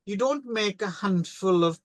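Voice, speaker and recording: A man's voice: high-pitched, a little slow, dry recording. A man hosting and editing a podcast, chatting casually in a rambling, hesitant way. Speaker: podcast host and editor. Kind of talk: casual chat.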